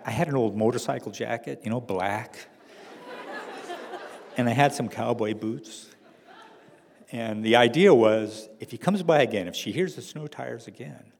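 A middle-aged man telling a personal story to an audience in a wry, halting way, with restarts and fillers. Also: mid-range voice, creaky, darkish tone, in a large hall.

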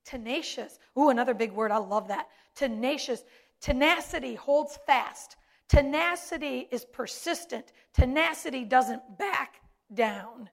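A woman's voice: high-pitched, measured pace, vocal fry. A woman, a pastor's wife, preaching a sermon with emphatic delivery and repeated key words.

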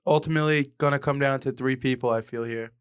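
A man's voice: medium pitch, steady tone, smooth. A man chatting casually about a movie, opinionated and swearing freely. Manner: opinionated, swears casually, drawn-out delivery at times. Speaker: podcast co-host.

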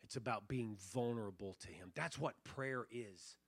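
A man preaching a revival sermon as pastor, earnest, sinking almost to a hush and then swelling on key phrases. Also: mid-range voice, normal speed, husky, no echo, studio quality. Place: church revival service.

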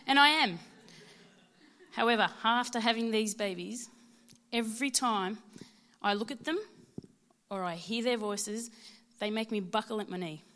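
A woman in her thirties with an Australian accent, giving a prepared personal testimony at church in a heartfelt, measured way. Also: fairly high pitch, sharp tone. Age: 30s.

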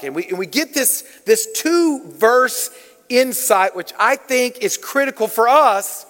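A male guest preacher with a high-pitched, fairly bright voice engages his congregation playfully, calling on them, asking questions, and saying "y'all" in Southern style. The lively sermon carries a big-room church sound.

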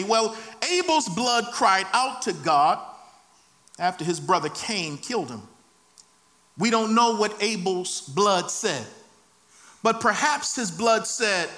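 A man's voice: sits high, very animated, takes it slowly, bright, forceful tone. A man preaching a sermon, reading scripture and rising into impassioned, dramatic cries.

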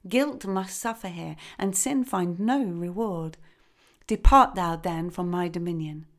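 A grave king of the underworld in a folk tale, formal and solemn, as a woman storyteller puts him on. His voice stays low and measured.

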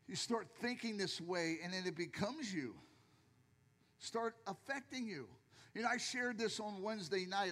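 High-voiced, animated male pastor. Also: in a large hall. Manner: jokey, animated storytelling, acts out voices. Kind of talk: sermon. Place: church.

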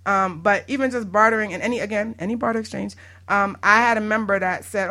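Woman, bright, chatty, animated, laughs a lot, podcast broker talk. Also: mid-range voice, fast talker. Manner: animated, laughs often, acts out callers. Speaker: barter exchange broker. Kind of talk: casual podcast chat.

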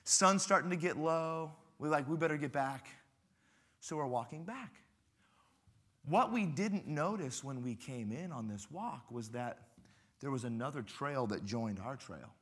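A guest pastor preaches a sermon in a husky, mid-range voice at a measured pace. He tells stories with humor and animation, repeating phrases for emphasis.

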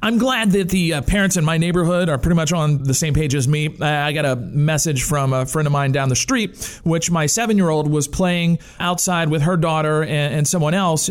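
A man's voice: a little high, moderate pace, smooth. A man hosting his own show, delivering a sarcastic, profane comedic rant. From United States. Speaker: podcast host. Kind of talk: ranting comedic monologue.

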